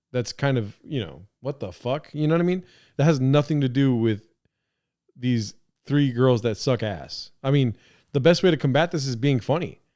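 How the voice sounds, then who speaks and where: Man, live-stream host, rambling, profane, mid-pitched voice. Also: a little mellow, clear, resonant tone. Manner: rambling, profane, lots of fillers and restarts. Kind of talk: casual live-stream commentary.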